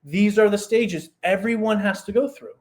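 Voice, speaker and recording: A man, a performance coach guest on a podcast who explains ideas through lively stories and examples. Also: sits high, normal speed. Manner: animated storyteller, explains with examples and asides. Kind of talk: casual podcast conversation.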